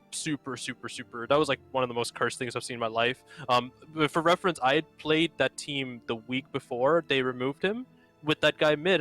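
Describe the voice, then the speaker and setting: A man's voice: medium pitch, bright, forceful tone. A young man rambling through casual post-game talk as a co-caster, filling his sentences with "like". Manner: rambling, heavy use of "like".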